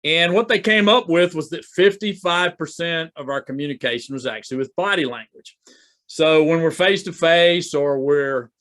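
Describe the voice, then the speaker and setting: A man's voice: a little high, normal speed, a bit bright. A man talking as a business coach in a casual, conversational way, often repeating and restarting his words. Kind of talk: casual talk to camera. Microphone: video recording to camera.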